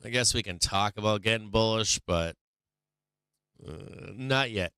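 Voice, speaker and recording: A man's voice: on the low side, unhurried, creaky, bright, forceful tone, clear, resonant tone, no room sound. Rambling, profane middle-aged man. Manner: rambling and profane, heavy on "like" fillers. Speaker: stock market livestream host. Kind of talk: casual livestream chat.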